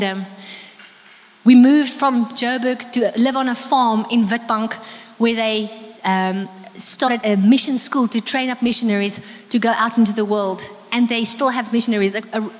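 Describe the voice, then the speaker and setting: Lively South African woman preaching in a hall. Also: fairly high pitch, unhurried. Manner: lively storytelling, switching into Afrikaans. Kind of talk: sermon. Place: church hall.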